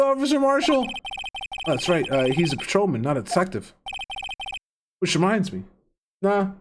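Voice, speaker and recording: A streamer casually commenting on a game and reading its dialogue aloud in a jokey manner, swearing often. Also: medium pitch. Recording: game music playing behind.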